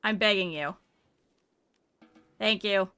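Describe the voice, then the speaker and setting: A woman streamer with a slight lisp, chatting casually and excitedly with viewers while playing a game. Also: mid-range voice, slow pace, clear, resonant tone. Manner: chatty and animated, often laughing. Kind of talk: casual gameplay chat with viewers.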